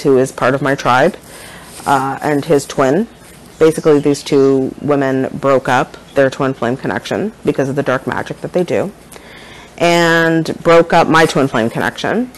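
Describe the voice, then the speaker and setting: A woman's voice: low voice, rough recording. A woman speaking as a shaman and spiritual teacher in a casual spiritual monologue, rambling and earnest, often checking in with her listeners.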